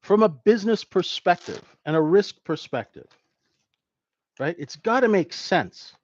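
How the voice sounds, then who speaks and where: A man's voice: high voice, expressive, unhurried, darkish tone, no room sound, highs cut off. A man teaching a live trading class in a conversational way, who keeps checking in with "right?". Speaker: trading instructor.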